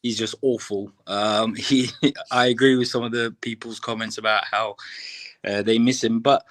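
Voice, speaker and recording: A man's voice: lowish voice, flat delivery, moderate pace, fairly bright tone. A man calls in to a fan show. He talks casually and hesitantly, with plenty of ums. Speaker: caller. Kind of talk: call-in chat.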